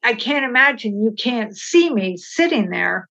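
A middle-aged woman, a podcast guest, telling candid personal stories in an animated way and acting out the dialogue. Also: on the high side, unhurried, gravelly. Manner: animated, acts out quoted dialogue, laughs while telling. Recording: slightly dull, lo-fi sound.

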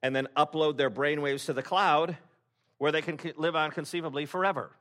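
A man's voice: on the high side, fairly even intonation, fairly quick, fairly bright tone. A man preaching a sermon to his congregation in a conversational, wry way, often breaking off and restarting his sentences. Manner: conversational, self-interrupting, wry. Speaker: pastor.

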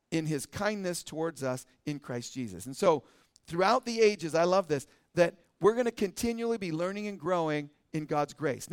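A man teaching a church service, speaking earnestly in a conversational way, often asking "right?", and reading scripture slowly and deliberately. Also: high voice, clean tone, no room sound, clean studio sound. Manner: earnest, asks the crowd with a frequent "right?". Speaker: pastor teaching a midweek service.

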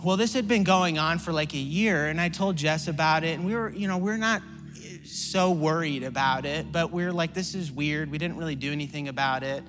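A high-pitched man preaching to a congregation, with repeated phrases and calls for the room to answer. His voice climbs to shouted appeals, then drops to quiet storytelling. Long reverb fills the large hall, and faint music sits underneath. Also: moderate pace. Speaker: pastor. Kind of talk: preaching a sermon.

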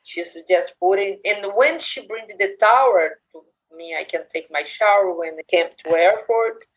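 Animated Brazilian woman with accented English. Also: medium pitch, normal speed, breathy edge, poor audio. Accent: Brazilian Portuguese. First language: Portuguese. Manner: animated, laughs often, acts out family dialogue. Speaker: interviewee. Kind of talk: casual interview.

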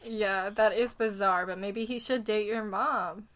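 A woman's voice: mid-range voice, fairly even intonation, a bit bright. A woman co-hosting a casual book chat, laughing often and reading passages aloud. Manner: giggly, quick to laugh, reads passages aloud. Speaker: podcast co-host.

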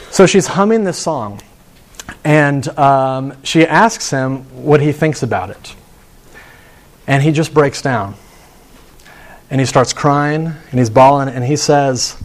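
A man preaching a sermon in an earnest storytelling manner, slowing down for emphasis and closing in prayer. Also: mid-range voice. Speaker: pastor.

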